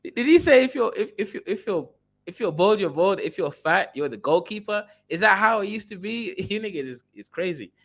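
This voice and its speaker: A man hosting a livestream, giving sarcastic, animated reaction commentary. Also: high-pitched, brisk. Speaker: livestream host.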